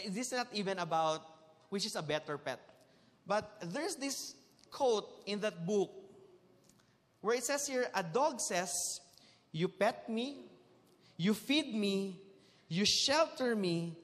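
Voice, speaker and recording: A man with a Filipino accent preaches to his congregation, his voice pitched high and carrying a long trail of reverb through a large church hall. He is emphatic, jokes with the listeners and moves freely between English and Tagalog. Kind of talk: sermon.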